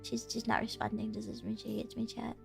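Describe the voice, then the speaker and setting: A woman's voice: a little high, monotone, fairly quick, gravelly, music in the background. A woman streamer chatting casually with her viewers, playful and teasing, often giggling.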